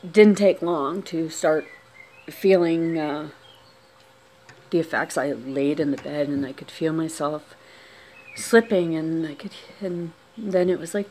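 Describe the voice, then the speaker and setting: A woman telling a personal story on camera, unscripted, talking quietly with many restarts and trailing phrases. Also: low-pitched, steady tone, unhurried.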